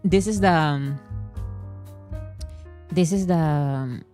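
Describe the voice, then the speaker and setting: A woman vlogger giving casual, exasperated commentary to her viewers, repeating herself for emphasis and then talking herself calm. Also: slow, faint music behind. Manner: talks herself calm with deep breaths.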